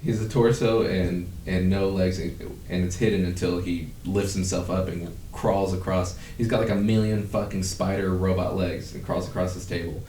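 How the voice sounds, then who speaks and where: Deep-voiced man, distant roomy mic. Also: steady tone, moderate pace, hardly any pauses, dark tone, slight background noise. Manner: rambling, swears casually, laughs at himself. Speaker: podcast co-host. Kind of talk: casual chat.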